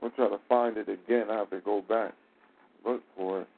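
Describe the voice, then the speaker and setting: A man's voice: on the low side, fairly even intonation, fairly quick. A man in casual storytelling chat, with a loose, profane, laughing manner. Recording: tinny phone-like audio.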